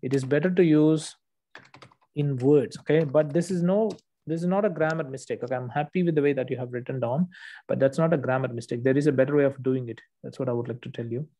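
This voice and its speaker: Male English tutor, patient explanatory manner, warm dark timbre, mid pitch. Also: fast. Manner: patient, explanatory, frequent "okay" checks. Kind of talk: one-on-one correction lesson.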